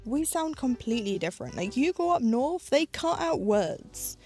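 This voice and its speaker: A British woman in the UK chats and jokes with her viewers as she stitches at home on a live stream, rambling and dropping "like" often along with self-aware quips. Her voice is high, very animated and a bit dark, with a breathy edge, delivered at a moderate pace over faint music.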